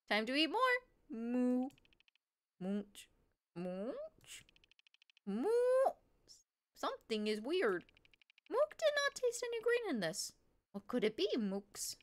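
A woman's voice: high-pitched, pitched above the performer's own voice, heavily acted. A woman voicing a cow who hosts an eating show, speaking in broken simple phrases and mooing. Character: cow video host eating on camera. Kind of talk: reading game dialogue aloud.

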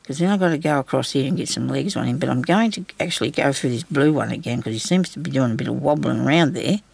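A woman's voice: very deep voice, quick pace, gravelly, darkish tone, breathy edge, dry recording. A woman hosting a craft tutorial, chatting casually and reassuringly while she beads and talks to herself as she works. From Australia.

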